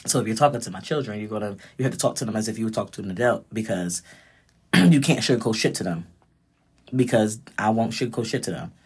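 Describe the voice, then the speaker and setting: A woman's voice: extremely low pitch, fast, darkish tone, breathy edge. A woman in her thirties giving a blunt, profane, direct casual monologue as a vlogger.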